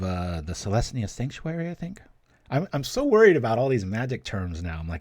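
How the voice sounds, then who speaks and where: Speaking briskly in a lowish, husky, darkish voice with a sing-song lilt, this man hosts a card game show, recorded with no room sound. His casual gameplay commentary is chatty and self-directed, walking through each play with small jokes along the way.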